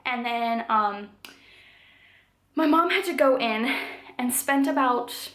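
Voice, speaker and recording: A woman's voice: on the high side, lively intonation, slow, a bit bright. Young woman chatting in an echoey room. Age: 20s. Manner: chatty, filler-heavy telling with frequent "like" and "um". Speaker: vlogger. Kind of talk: storytime vlog.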